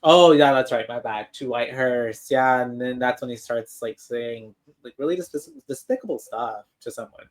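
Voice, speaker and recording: A man's voice: mid-range voice, moderate pace, hardly any pauses. A man co-hosting a podcast, chatting casually and rambling through a film recap with lots of fillers. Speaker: podcast co-host. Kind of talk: casual chat.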